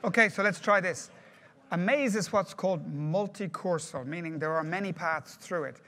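A man's voice: sits high, normal speed, bright, forceful tone. A man giving a project management workshop to a group, talking conversationally and putting questions to the audience.

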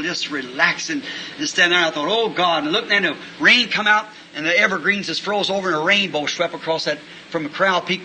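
Preacher man telling a story in his sermon, high piercing voice, faint hiss behind. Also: rough recording. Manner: folksy, animated, bursts into shouting. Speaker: pastor.

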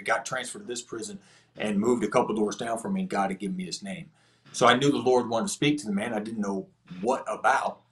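Man telling a prison testimony. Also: on the low side. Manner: earnest, slangy prison storytelling with quoted dialogue. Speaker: podcast guest. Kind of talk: storytelling testimony.

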